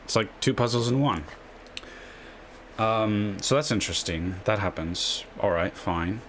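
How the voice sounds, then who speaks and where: Brief: low-pitched male chess host, offhand and rambling, slight hiss in the background. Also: measured pace, fairly bright tone. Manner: rambling, tags lines with a questioning "yeah?". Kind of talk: casual screen-share explainer.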